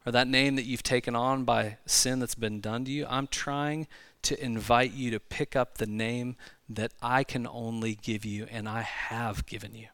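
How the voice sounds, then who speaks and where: A man preaching to a church congregation in a casual, conversational way, full of asides and quick restarts. His voice sits at an ordinary middle pitch. The sound is close and dry, with hardly any room echo. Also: flat delivery, a bit bright. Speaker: pastor. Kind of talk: sermon. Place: church sanctuary.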